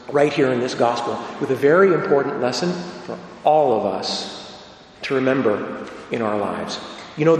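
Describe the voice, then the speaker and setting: A priest giving a sermon, telling the story dramatically, sometimes dropping to a low hush. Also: male voice. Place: large church. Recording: echoey church with long reverb.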